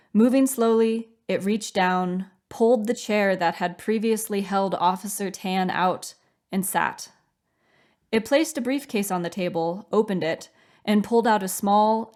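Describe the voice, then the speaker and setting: A woman reading her own novel aloud as audiobook narration, in a measured, steady storytelling manner. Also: medium pitch.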